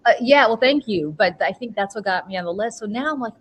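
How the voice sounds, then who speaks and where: A woman's voice: a little high, quick pace, husky, rough recording. A middle-aged woman, a podcast host, telling stories in casual chat and acting out her own reactions. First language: Russian. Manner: animated storyteller, acts out her own reactions. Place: home.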